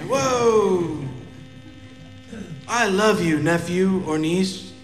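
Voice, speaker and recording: Man putting on a rambling uncle, gushing, slow, fairly high voice, roomy echo. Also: soft background music. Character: rambling older male uncle, sentimental and generous.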